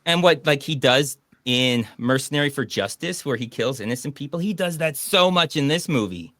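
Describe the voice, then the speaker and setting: A man hosting a casual online stream, rambling and animated as he retells film scenes. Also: medium pitch, normal speed, dry recording, studio quality. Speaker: podcast host. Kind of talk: casual stream chat about movies.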